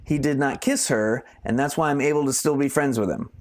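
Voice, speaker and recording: A man's voice: mid-range voice, brisk. A man co-hosting a casual live stream, telling rambling stories that trail off mid-thought. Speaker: co-host.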